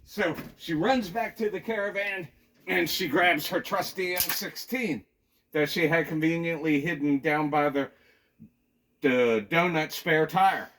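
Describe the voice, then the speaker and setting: A man's voice: fairly high pitch, unhurried, slight background noise. Man telling a mock-dramatic story. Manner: animated, mock-dramatic, rambling. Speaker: comedian. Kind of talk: comic storytelling. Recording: distant mic with loud ambience.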